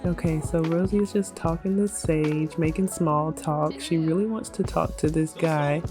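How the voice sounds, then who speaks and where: A woman's voice: low-pitched, fairly even intonation, normal speed, over music. A young woman narrating a life-sim let's play in a chatty, giggly, slangy way. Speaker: gaming video creator.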